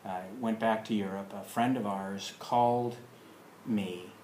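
A man telling a personal story in a casual, rambling way, full of pauses and fillers. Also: on the low side, fairly even intonation, a little mellow, reverberant, a little hiss or hum, rough recording. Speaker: alternative practice teacher.

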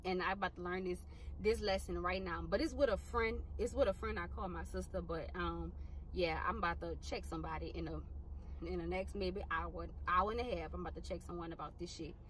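A woman's voice: lowish voice, brisk, a little hiss or hum. A young woman, chatting bluntly and casually to her viewers, swearing freely. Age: young adult. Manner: blunt, profane and animated. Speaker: vlogger. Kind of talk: casual chat.

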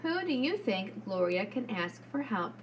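A woman preschool teacher giving a lesson to young children, speaking slowly and clearly in a sing-song way. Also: medium pitch, sing-song, slight background noise.

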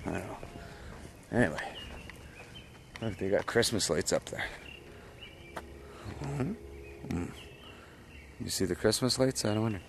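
A drunk man from Canada talks into his camera as he trudges home outdoors at night, sighing and cursing in a loose, rambling way. His voice sits low. Faint outdoor ambience with birds hums behind him. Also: measured pace, gravelly, pauses often, background noise. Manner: slurry, sighing, swearing constantly. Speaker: vlogger.

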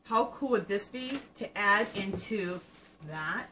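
Here the woman's voice sits mid-range, with a sharp tone and a moderate pace, captured on poor audio with slight background noise. As host of a fiber-craft podcast, she gushes to viewers in an eager, casual show-and-tell, leaning heavily on ums and filler words.

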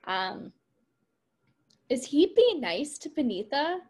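A woman's voice: sits high, very animated, takes it slowly, darkish tone. A woman teacher recapping and discussing a play in a casual way, thinking aloud with frequent ums.

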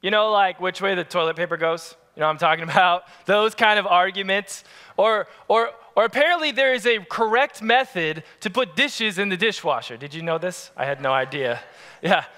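A man's voice: high voice, normal speed, pushed and bright. A man preaching a sermon as pastor, telling funny stories and joking with the congregation. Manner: humorous storytelling, playful asides to the congregation.

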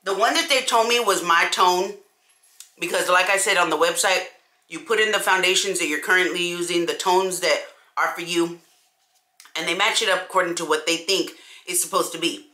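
A woman chats to camera in an animated, conversational way, calling her viewers y'all. Her voice sits a little low but sounds bright and forceful. The room is echoey around her. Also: moderate pace. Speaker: beauty vlogger. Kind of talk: casual chat to camera.

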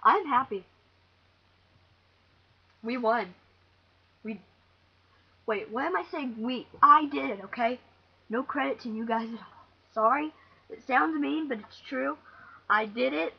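A woman's voice: high voice, unhurried, vocal fry, long pauses, husky. Jumpy young woman narrating gameplay. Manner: jumpy, excitable, talks to herself. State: shaky and teary. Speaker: gamer. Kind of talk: let's play commentary. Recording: dull lo-fi home recording with faint hiss.

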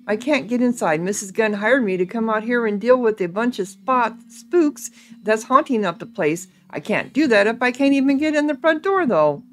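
Lady reading out a blunt ghost-hunter gal from a game, kinda high, bouncy voice. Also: animated, moderate pace, close to an everyday voice. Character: brash female ghost hunter for hire.

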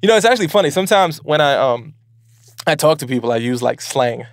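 A man from Brooklyn hosts his show with loose, slangy energy, bouncing through advice in a playful, animated way. His voice sits a little high for a man and has a gravelly fry running through it. The sound is close and dry, with no room around him. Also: quick pace, dry recording. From Brooklyn, New York. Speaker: podcast host. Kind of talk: casual advice talk.

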